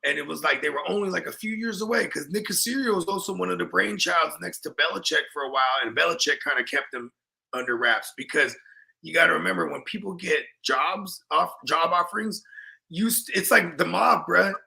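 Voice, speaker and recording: Young male co-host; loose, profane banter, high and edgy. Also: brisk, gravelly, bright, forceful tone. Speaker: podcast co-host. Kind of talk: casual sports chat.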